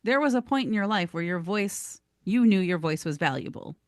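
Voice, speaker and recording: A woman's voice: medium pitch, normal speed, no room sound. Chatty woman, dry studio sound. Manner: animated storyteller, laughs easily. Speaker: podcast co-host. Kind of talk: casual podcast conversation.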